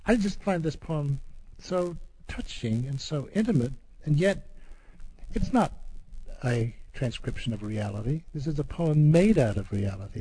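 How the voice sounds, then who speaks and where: A man reading a poem aloud and then talking about it, halting and repeating words as he explains. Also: medium pitch, mellow, breathy edge, poor audio. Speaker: poet and guest discussing poetry. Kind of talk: poetry reading and discussion.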